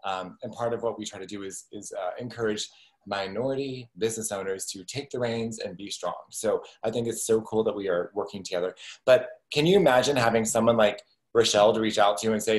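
A man's voice: on the low side, poor audio. Joking male podcast host. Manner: joking, self-deprecating, quick asides. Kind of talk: casual chat.

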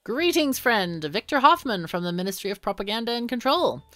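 An oily, overly polite propaganda official from a dystopian video game, read aloud by a woman. The speech is formal and ingratiating, with animated rises and falls. The sound is close and dry. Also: a little high, fairly quick, no echo, faint music behind, voice pushed up. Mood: smooth. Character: smooth male propaganda official.

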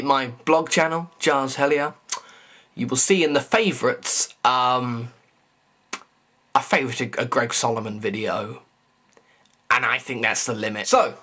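A man's voice: medium pitch, fairly bright tone. A young man, talking straight to camera in a rambling, stammering comedic rant full of mock outrage. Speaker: vlogger.

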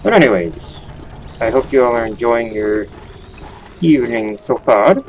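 A man's voice: mid-range voice, lively intonation, unhurried, a little hiss or hum, low-quality recording. A man hosting a casual let's-play, rambling and joking as he plays, swearing now and then at the game. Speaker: gaming channel host.

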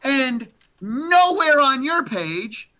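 A man putting on a high, excited voice to quote a teasing older rock star friend. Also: drawn-out words, highs cut off, heavily acted.

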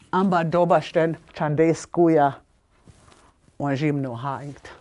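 A woman's voice: fairly low pitch, lively intonation, a little slow, pauses often. A woman teaching a language lesson, patiently sounding out words and repeating them, with small apologies for slips.

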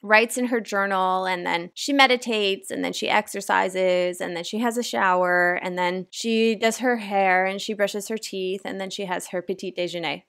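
A woman's voice: mid-range voice, fairly even intonation, normal speed, gravelly, hardly any pauses, a bit bright, clean tone. A woman from Canada, probably in her thirties, rambling casually through a vlog with lots of fillers and self-deprecating asides. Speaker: author vlogger.

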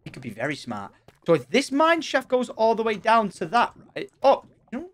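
A young man giving excited Let's Play commentary, chatting and thinking aloud as he plays. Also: high-pitched, moderate pace. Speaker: gaming channel host.

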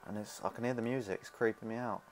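A man's voice: fairly low pitch, fairly even intonation, fast talker, soft background music. A young man, commentating nervously and swearing while playing a horror game from a small room. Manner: nervous, swearing, rambling, jumpy. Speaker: gaming youtuber. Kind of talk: casual let's play commentary.

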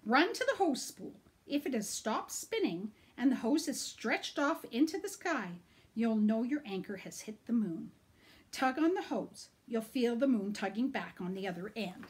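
A woman reads a picture book aloud with a lively, swooping voice, pitched somewhat high. She narrates with animation, stops to point out the pictures and sometimes drops into a whisper. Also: normal speed. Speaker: reader.

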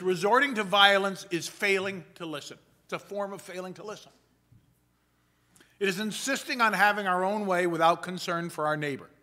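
A man, a pastor, preaching a sermon in a measured, emphatic way and slowing down for quoted passages. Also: sits high, sharp tone. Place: church sanctuary.

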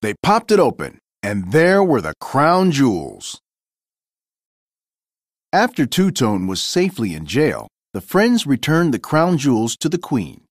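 A man narrating a children's storybook read-aloud with expressive, clear storytelling. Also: medium pitch, measured pace, no echo, studio quality.

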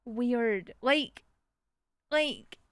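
A woman's voice: a little high, drawn-out words, clean tone, no echo. Giggly woman streaming a game. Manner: giggly, swearing, reads cards aloud with dry asides. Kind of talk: casual game stream commentary.

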